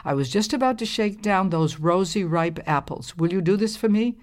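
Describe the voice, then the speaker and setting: A woman voicing a kindly but brisk old woman in a storybook, gently scolding. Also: fairly low pitch, animated, close to an everyday voice.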